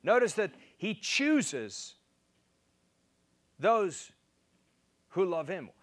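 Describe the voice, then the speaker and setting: Male preacher, fairly high voice, emphatic and repetitive in delivery. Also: big pitch swings, extremely slow. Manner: emphatic, repeats key phrases, rises in pitch to stress points. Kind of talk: sermon.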